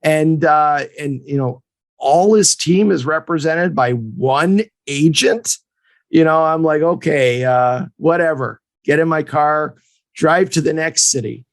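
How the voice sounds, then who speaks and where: A man in his fifties from Montreal, co-hosting a podcast and telling a casual story in an animated way, acting out the people in it. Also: on the high side, a little slow, no echo. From Montreal, Canada. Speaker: podcast co-host and hockey agent.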